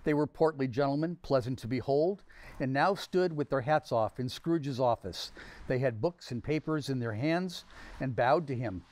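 A man volunteer reading a classic novel aloud in a steady, measured way. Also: mid-range voice. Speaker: volunteer reader.

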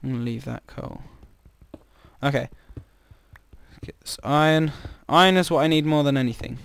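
Jokey let's-play guy, smooth voice. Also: medium pitch, moderate pace, a bit bright, no echo. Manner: chatty, jokey, easily startled. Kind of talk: casual gameplay commentary.

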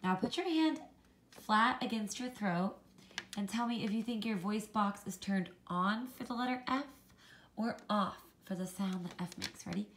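A woman teaching a children's phonics lesson, slowly modelling letter sounds and encouraging the kids to copy her. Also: medium pitch, fairly bright tone, a little hiss or hum.

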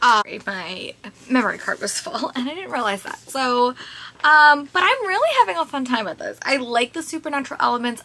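Bright, gravelly-voiced chatty woman vlogger. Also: on the high side. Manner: chatty and rambling, with many fillers and restarts. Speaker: book vlogger. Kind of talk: casual reading vlog chat.

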